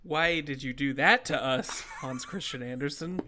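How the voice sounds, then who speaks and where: A co-host making deadpan jokes and quick quips while a story is read aloud. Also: mid-range voice, slight background noise. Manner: deadpan joking interjections. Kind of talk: casual chat.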